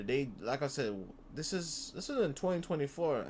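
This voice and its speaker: Young guy rambling thru a video reaction, repeats words a lot, swears, normal pitch. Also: lively intonation, brisk, hardly any pauses, a little hiss or hum. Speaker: reaction channel host. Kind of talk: casual reaction commentary.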